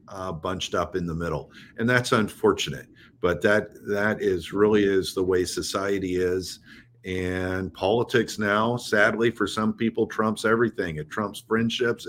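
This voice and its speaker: Low-voiced man, measured and reflective. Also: a bit bright, a little hiss or hum. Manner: measured, reflective, with many fillers. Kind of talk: casual political chat.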